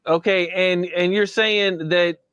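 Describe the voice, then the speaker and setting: Bright-voiced male interviewer. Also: sits high, steady tone, slow, clear, resonant tone, no room sound. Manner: careful, checking facts. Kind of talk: interview questions.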